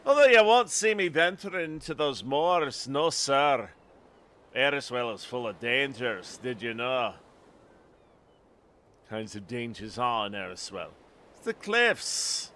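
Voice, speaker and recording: Man voicing a wary old Scottish lighthouse keeper for a video game, rough brogue, sharp forceful tone. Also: medium pitch, lively intonation, unhurried, a little hiss or hum. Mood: ominous. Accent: put-on Scottish.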